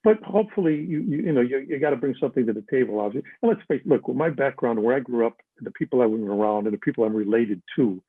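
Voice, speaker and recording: In a casual chat, an older guest reels off stories fast with hardly any pauses, animated and lively, doing other voices for quotes. His mid-range voice is a little husky, and the recording is dry, coming through a tinny phone-like line.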